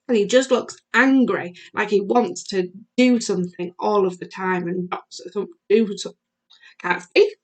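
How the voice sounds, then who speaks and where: A female primary school teacher with a medium-pitched voice records a video lesson for young children, asking them questions in a sing-song way.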